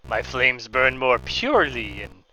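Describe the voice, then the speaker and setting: A man's voice: mid-range voice, big pitch swings, measured pace, sharp tone, dull audio, full character voice. A man reading as a cruel flamethrower villain. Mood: menacing. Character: cruel male flamethrower villain, boastful and menacing. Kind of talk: reading game dialogue aloud.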